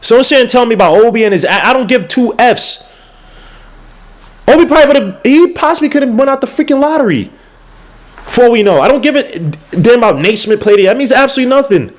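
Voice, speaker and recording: A young man with a high-pitched voice hosts a loose livestream podcast. He rants in a heated, exasperated way, piling up slang, repeats and half-finished restarts. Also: expressive, quick pace. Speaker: podcast host. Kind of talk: casual livestream podcast rant.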